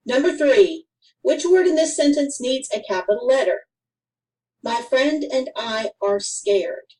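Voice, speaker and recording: Woman, children's lesson narrator, unhurried, mellow tone, slightly high voice, sounds set back from the mic. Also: lively intonation, far from the mic, poor audio. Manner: careful, deliberate reading with clear pauses. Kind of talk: slow scripted instructional narration.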